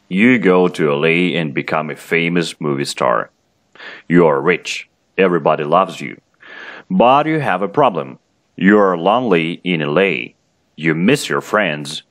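Brief: low-pitched male English tutor, native Russian speaker, reads stories aloud, then quizzes the student. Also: expressive, a little slow, fairly bright tone. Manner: reads a story aloud, then asks questions. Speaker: English teacher. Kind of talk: online language lesson.

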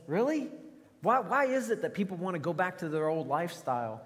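A man with an American accent preaching a sermon, animated and full of rhetorical questions. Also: a little high, normal speed. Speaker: pastor. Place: large church sanctuary. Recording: long church hall reverb.

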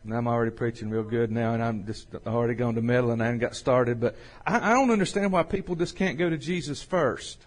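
Pastor guy preaching, folksy, gets loud and slow on the verses. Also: medium pitch. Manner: folksy, swells louder and slower on scripture. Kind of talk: sermon.

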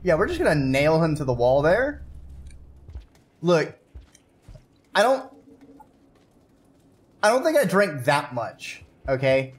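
Excitable man yelping over gameplay. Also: on the high side, a little slow, breathy edge. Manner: excitable, swears and yelps at the game. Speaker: streamer. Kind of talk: casual gameplay commentary.

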